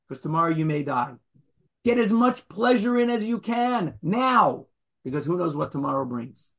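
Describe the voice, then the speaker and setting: A man giving a Torah lecture in a conversational, animated way, joking with his listeners and acting out the people in the story. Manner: animated, acts out the figures with sudden jumps in pitch and loudness; conversational, jokes with the audience.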